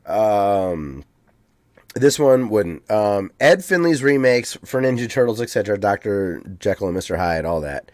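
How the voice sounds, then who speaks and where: The American podcast co-host here has a lowish, slightly mellow voice with a sing-song quality and a measured pace, recorded in studio quality without room sound. He chats casually, rambling with lots of ums.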